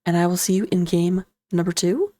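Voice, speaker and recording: A woman casting a live video game match as commentator, playful and jokey, her voice jumping up with sudden excitement. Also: lowish voice, brisk, dry recording. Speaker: esports caster.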